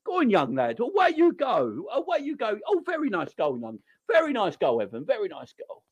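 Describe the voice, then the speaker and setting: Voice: mid-range voice, wildly swooping pitch, moderate pace, pitched below the performer's own voice. A fan doing a mocking impression of a meek, overly polite male footballer who lets opponents run past him.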